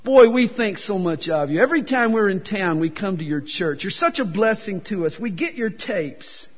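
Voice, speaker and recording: A man voicing a friendly old male farmer who flatters a visiting pastor in a joke, speaking softly and low, heard in a dull, echoey hall. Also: moderate pace, breathy edge. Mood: gushing. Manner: warm, flattering, eager to please.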